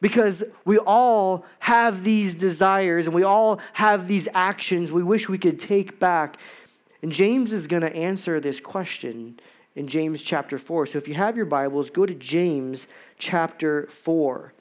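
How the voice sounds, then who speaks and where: A man's voice: high-pitched, measured pace. A man preaching a sermon, opening with a personal story and moving into rhetorical questions for the congregation. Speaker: pastor.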